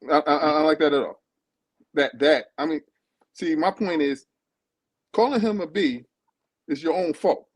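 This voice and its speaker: A man's voice: on the high side, normal speed, pauses often, no room sound, poor audio. A man hosting a casual live-stream chat, talking emphatically and repeating words as he stumbles over his thoughts. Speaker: host reviewing a reality show.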